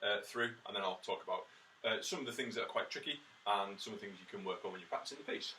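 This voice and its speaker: Fast and sharp-toned, with a fairly low pitch, a male brass teacher explains practice tips while counting beats and saying "ta" syllables to show rhythms. He stays practical and encouraging but leans heavily on "uh" and "um." The recording has a somewhat distant mic and faint background noise.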